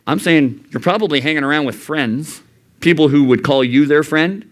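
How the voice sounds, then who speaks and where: Fairly quick in delivery, a young adult youth pastor preaches earnestly in a church youth room. God's words and his own quoted lines often come out in animated, high-pitched voices.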